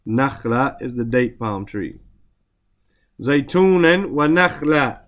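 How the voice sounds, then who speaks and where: A man teaching the meanings of Quranic verses, reciting the Arabic quickly, then explaining each word slowly with repetitions. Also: mid-range voice, lively intonation, a bit bright. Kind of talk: Quran vocabulary lesson.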